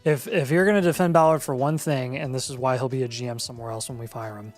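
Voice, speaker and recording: A man's voice: mid-range voice, steady tone, quick pace, no echo, soft background music. Laid-back man giving advice. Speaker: podcast co-host. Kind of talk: live fantasy football Q&A chat.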